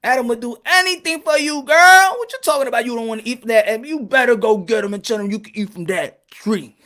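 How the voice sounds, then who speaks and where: A man's voice: very high-pitched, quick pace, sharp tone. A man putting on the voice of a sly male snake, coaxing in casual street slang.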